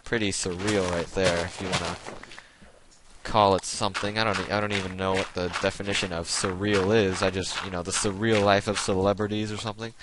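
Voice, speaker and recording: A man's voice: sits low, little pitch movement, a little fast, background noise. A young man rambling through jokey tangents while playing a video game. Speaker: gaming video host. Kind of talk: rambling let's play commentary.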